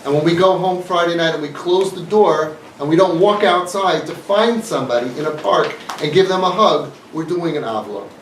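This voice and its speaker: Earnest guy preaching to a crowd, highish voice, echoey room, mic pretty far away. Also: moderate pace, few pauses, a little hiss or hum. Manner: earnest, repetitive, emphatic. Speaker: inspirational speaker. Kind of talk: impassioned talk to an audience.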